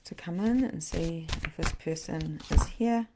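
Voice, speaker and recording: Woman medium, middle-aged, low-ish voice, live reading, slips into whispers. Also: a little slow, very noisy. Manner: dips into soft whispers. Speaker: spiritual medium and host. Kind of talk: live-stream card reading.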